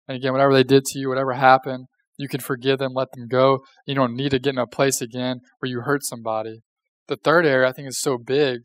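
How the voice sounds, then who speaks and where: A man's voice: medium pitch, dry recording. A young man preaching a casual, conversational sermon, joking and asking the audience questions. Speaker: pastor.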